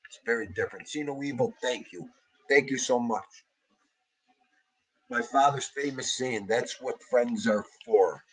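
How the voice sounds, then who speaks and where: Husky, tearful New man. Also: medium pitch, unhurried, poor audio. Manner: emotional, heartfelt, greets viewers by name. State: grieving, tearful. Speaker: livestream host. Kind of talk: casual livestream chat greeting viewers.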